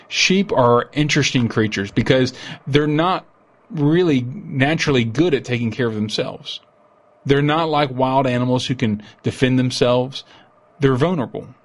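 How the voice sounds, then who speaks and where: A man, an associate pastor, giving an earnest radio sermon in a measured way, slowing down for key lines. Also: mid-range voice. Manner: earnest, measured preaching with slow emphatic quotes.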